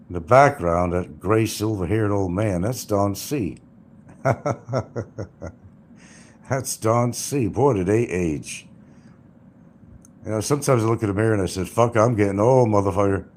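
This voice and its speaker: An older man with a lowish voice hosts a livestream over slight background noise, rambling and mocking in crude, casual talk.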